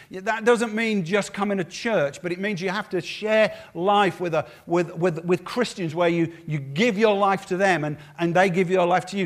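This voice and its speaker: A man delivers a lively sermon from the pulpit, his voice sitting high for a man. He talks fast and loose, slipping into little voices to act out what others say. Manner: lively, acts out quotes of others. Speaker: pastor.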